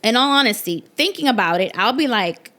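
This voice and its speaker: A woman's voice: on the high side, expressive, brisk, sharp tone. A woman hosting an interview podcast, supportive and affirming as she reflects on her guest's story. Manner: supportive, affirming, frequent encouraging murmurs. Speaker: podcast host. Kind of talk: interview conversation.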